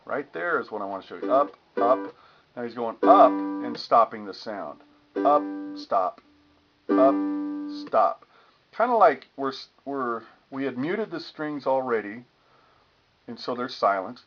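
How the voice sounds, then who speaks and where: A man's voice: medium pitch, expressive, normal speed. A man giving a casual guitar lesson, explaining strumming patterns and humming the rhythms as he demonstrates. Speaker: guitar teacher. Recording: lo-fi with guitar playing.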